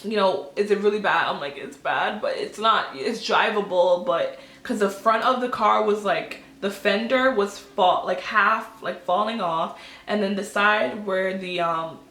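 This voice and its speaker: A woman in her twenties telling a storytime vlog, chatty and animated, acting out quotes with lots of fillers. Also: mid-range voice, measured pace, echoey room. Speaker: vlogger.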